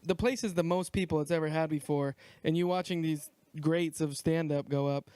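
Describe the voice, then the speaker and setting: High, smooth-voiced podcast co-host. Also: male voice, fairly even intonation, normal speed, dark tone, dry recording. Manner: asks follow-up questions, brief reactions. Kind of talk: casual chat.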